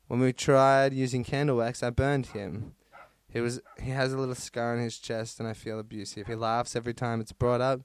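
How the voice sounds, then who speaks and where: A man's voice: mid-range voice, fairly even intonation, moderate pace, clean tone, no room sound. A man hosting a podcast, reading out listener stories in casual chat, swearing freely and laughing between lines. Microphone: close podcast mic.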